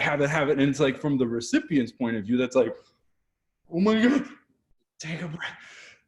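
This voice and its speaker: A man's voice: medium pitch, slight background noise. A man with a Canadian accent, a guest photographer talking animatedly in a casual video interview and acting out quotes. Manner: energetic, animated, acts out quotes.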